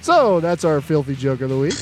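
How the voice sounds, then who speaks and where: A man's voice: fairly high pitch, very animated, fairly quick, a little mellow, faint music behind. A man co-hosting a podcast, chatting casually and telling jokes, swearing freely and using a lot of fillers. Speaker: podcast co-host. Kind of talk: casual chat and joke telling.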